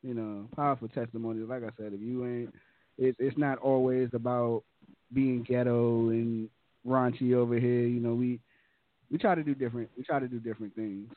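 A man's voice: medium pitch, fairly even intonation, moderate pace, no echo. A man hosting a call-in talk show, speaking casually to his listeners. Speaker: host. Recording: phone-line call.

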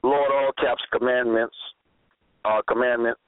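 Male preacher, unhurried and emphatic, heard over a thin phone-like line. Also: mid-range voice, fairly even intonation, clear, resonant tone, no room sound. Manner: deliberate, spells words out, repeats phrases for emphasis. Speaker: religious preacher. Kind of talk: slow scripture-quoting sermon monologue. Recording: tinny phone-line audio, dry.

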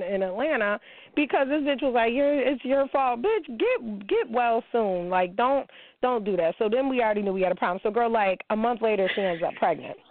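A middle-aged woman hosting a show, telling a candid story in a blunt, animated way, full of slang and swearing. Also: medium pitch, dry recording. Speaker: show host. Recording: tinny phone-like line.

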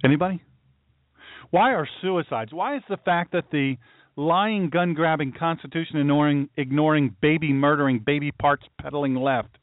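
Fired-up talk radio host, tinny line. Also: male voice, fairly high pitch, dry recording. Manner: heated, repetitive, rhetorical questioning. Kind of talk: political commentary monologue.

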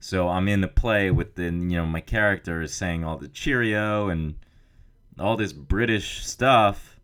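Super low voiced american guy rambling on his podcast, jokey and self-deprecating, drops f-bombs. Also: a little slow, a bit bright, clean tone. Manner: self-mocking, swears, loose and chatty. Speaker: podcast host. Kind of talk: rambling casual monologue. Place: indoor office studio.

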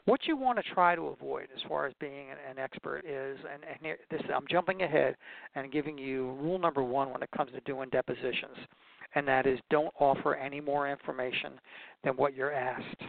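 A man's voice: mid-range voice, a little fast, vocal fry. A man hosting a show, giving casual folksy advice as an expert witness and telling stories with many restarts. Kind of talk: casual instructional talk. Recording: dry, tinny phone-like sound.

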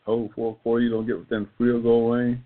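A man's voice: mid-range voice, little pitch movement, brisk, noisy background. An older man, hosting a casual internet radio talk show in a rambling, folksy way. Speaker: host. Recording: phone-like call-in line.

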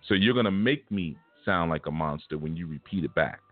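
A man in his fifties giving a conversational spiritual lecture, reflective with animated asides. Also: sits low, brisk, few pauses, soft background music. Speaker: spiritual teacher. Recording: tinny phone-like line.

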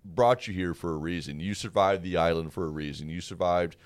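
A man's voice: sits low, brisk, no echo. A man hosting a radio interview, speaking in an earnest, affirming way to his guest. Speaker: radio host. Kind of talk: interview conversation.

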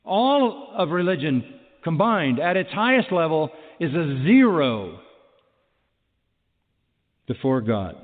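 A man's voice: a little high, very animated, slow pace, pauses often. A man delivers a sermon in a slightly raised voice, pressing his points with repetition and rhetorical questions. The sound is thin and phone-like, with a long hall echo trailing behind him. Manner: emphatic, repeats key phrases, asks rhetorical questions. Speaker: preacher.

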